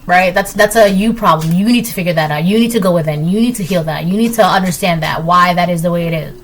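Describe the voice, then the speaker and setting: A woman's voice: on the low side, quick pace. A woman giving a collective tarot reading, talking straight to viewers in an emphatic, repetitive way. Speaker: tarot reader.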